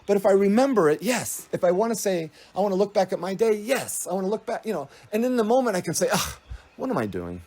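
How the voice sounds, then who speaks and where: A man's voice: high voice, fast, hardly any pauses, mellow. A man giving a rambling spiritual monologue, meandering and restarting his thoughts, often laughing. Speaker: spiritual speaker.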